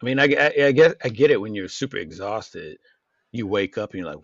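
A man's voice: fairly low pitch, brisk, dry recording. A man co-hosting a podcast, telling a story in casual chat, swearing often and acting out what people said. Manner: animated, swears a lot, acts out quotes in shifting voices. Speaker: podcast co-host. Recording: dull lo-fi sound.

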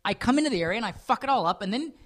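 A man's voice: extremely high pitch, lively intonation, racing, a bit bright. Podcast guy rambling and cursing, voice jumps all over the place. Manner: rambling, swearing, self-mocking, slips into put-on voices. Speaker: podcast co-host. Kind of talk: casual chat.

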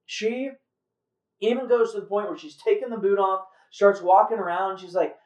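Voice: mid-range voice, steady tone, normal speed, a little mellow, muffled recording. A host telling a faith story in a casual, earnest way, with fillers and restarts. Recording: roomy echo, far from mic.

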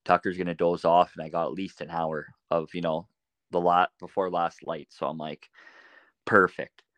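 A man on a podcast as a guest, telling animated anecdotes in a casual way and laughing often. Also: low voice, normal speed, no echo. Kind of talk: casual storytelling.

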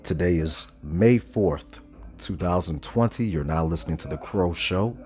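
A man hosting a casual monologue podcast, stoned, talking slowly and loosely with many pauses and self-corrections. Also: sits low, darkish tone. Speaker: podcast host. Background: faint background music.

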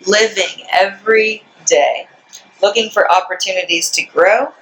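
A woman being interviewed on a casual podcast outdoors. She answers in short, dry phrases and slips in deadpan jokes. Her voice sits at an ordinary middle pitch. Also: a little slow, poor audio. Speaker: interview guest. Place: outdoors in front of a store.

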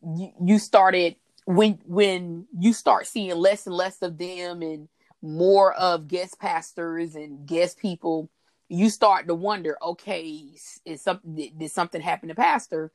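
A woman's voice: fairly low pitch, fairly even intonation, measured pace, a little mellow, no echo, studio quality. A woman co-hosting a faith talk broadcast, chatty and laughing often as she talks. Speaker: podcast co-host. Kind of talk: casual faith talk chat.

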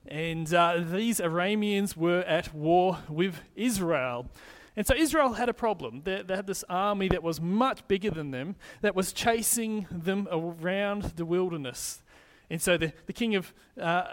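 A man as pastor giving a conversational sermon, often restarting his phrases as he explains scripture. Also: high-pitched.

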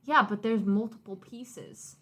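A young woman in casual chat, calmly correcting details about the story. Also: medium pitch, measured pace, breathy edge. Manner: matter-of-fact, corrects others on details.

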